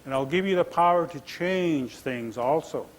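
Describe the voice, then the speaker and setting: A man voicing the calm, wise Creator. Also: on the high side, lightly acted, poor audio. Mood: solemn. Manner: measured, promising.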